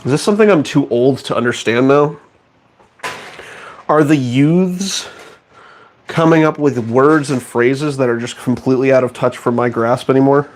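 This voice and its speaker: A man's voice: mid-range voice, moderate pace, a little hiss or hum. A man streaming from his home studio, bantering with chat in a sarcastic, mock-outraged and self-mocking way. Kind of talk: casual live-stream chat.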